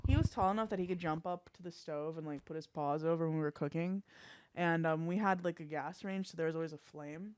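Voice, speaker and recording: A woman's voice: deep voice, a little fast, a little mellow, clean tone, no room sound. A young woman co-hosting a podcast, telling rambling stories in casual chat, full of "like". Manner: rambling storyteller, lots of "like". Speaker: podcast co-host.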